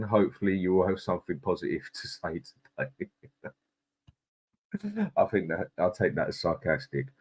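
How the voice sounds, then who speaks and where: A man hosts a live fan stream in a low, husky voice. He rants with heat and swears freely. In between he greets viewers in the chat one by one. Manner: angry ranting, swearing, greets chat by name. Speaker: host. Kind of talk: live-stream football rant.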